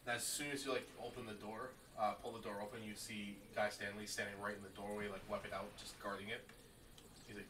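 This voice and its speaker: Low-voiced man running a tabletop game. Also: quick pace. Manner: relaxed, with many fillers. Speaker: dungeon master. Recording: roomy, distant and noisy.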